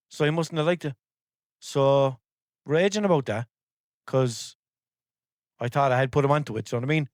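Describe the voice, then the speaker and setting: A man's voice: fairly high pitch, no room sound, clean studio sound. An Irish man hosting a podcast in casual chat, rambling and sweary and easily exasperated. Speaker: podcast host.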